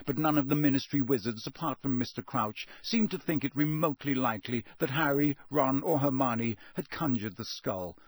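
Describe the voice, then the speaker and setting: A man reading a novel aloud as narrator, in a dramatic, expressive way. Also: mid-range voice, moderate pace, hardly any pauses, no room sound. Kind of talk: audiobook reading.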